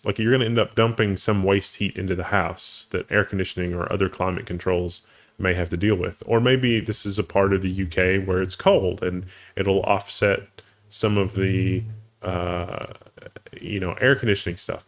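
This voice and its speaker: Male co-host, lower voice, loose conversational tech chat, self-correcting. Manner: thinks aloud, restarts phrases, laughs easily. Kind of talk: casual tech news discussion.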